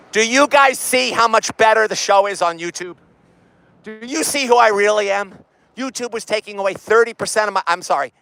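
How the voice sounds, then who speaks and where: An excitable man vlogging outdoors on a city street, rambling loudly at a phone set down nearby. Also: high voice, creaky, no room sound, low-quality recording. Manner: excitable, loud and rambling, talks to his phone. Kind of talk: rambling comic street vlog. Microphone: phone camera set down nearby.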